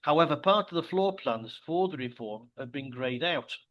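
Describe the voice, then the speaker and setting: A man co-hosting a casual discussion, explaining things in a measured way with dry wit. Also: on the high side, animated, highs cut off. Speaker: podcast co-host.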